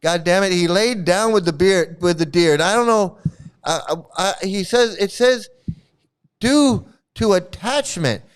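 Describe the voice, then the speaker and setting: A man's voice: high-pitched, moderate pace, clear, resonant tone. A man hosting a commentary video, reading a text aloud and breaking into laughter as he swears. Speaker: channel host.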